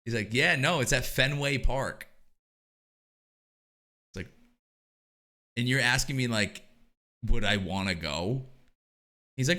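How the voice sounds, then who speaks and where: A young man, co-hosting a casual podcast and telling stories in an animated way, swearing and laughing often. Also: medium pitch, slow, pauses often. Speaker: podcast co-host.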